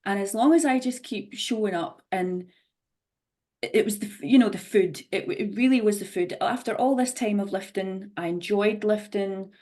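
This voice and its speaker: A woman's voice: medium pitch, normal speed, warm tone. A woman on a video call talking candidly about her fitness journey, rambling a bit and restarting her sentences. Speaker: program participant. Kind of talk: sharing a personal story on a video call.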